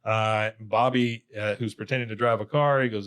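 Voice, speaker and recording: A man's voice: on the low side, steady tone, fairly bright tone, clear, resonant tone. A man co-hosting a podcast, casually retelling a cartoon episode scene by scene and quoting the characters. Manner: retells scenes with quick quoted impressions, laughs along. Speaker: podcast co-host. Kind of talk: casual chat recapping an episode.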